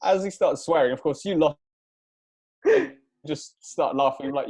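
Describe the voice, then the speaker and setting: A young man with a fairly high voice, chatting on a podcast. He tells a story with his co-host and chuckles often, in a relaxed, informal way. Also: unhurried. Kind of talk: casual chat.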